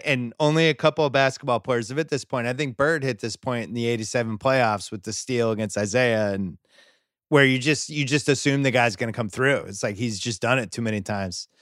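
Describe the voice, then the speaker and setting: A man's voice: mid-range voice, a bit bright, no room sound, studio quality. Man giving emphatic sports takes. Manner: conversational, emphatic asides. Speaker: podcast guest. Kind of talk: casual sports chat.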